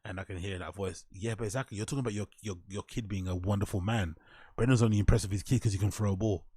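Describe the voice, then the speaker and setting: A man's voice: on the low side, steady tone, quick pace, warm tone, slightly rough, no room sound. Mocking, profane male commentary host. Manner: mocking, profane, often breaks into laughter. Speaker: show host. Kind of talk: casual commentary reacting to online posts.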